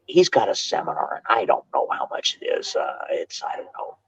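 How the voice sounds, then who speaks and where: An older man telling stories as a podcast guest, animated and quick to restart his sentences, on dull lo-fi audio. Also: very deep voice, vocal fry, breathy edge. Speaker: guest, martial arts instructor. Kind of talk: casual storytelling interview.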